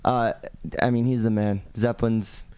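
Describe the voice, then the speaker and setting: A man's voice: lowish voice, flat delivery, normal speed, darkish tone, clear, resonant tone. A man, a touring drummer, telling road stories on a comedy podcast with loose, rambling restarts and chuckles. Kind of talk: casual podcast chat.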